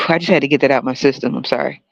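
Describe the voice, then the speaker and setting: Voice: medium pitch, fairly even intonation, fast talker, vocal fry, a bit bright, dry recording, low-quality recording. A podcast host giving a sarcastic, profane solo rant, often laughing.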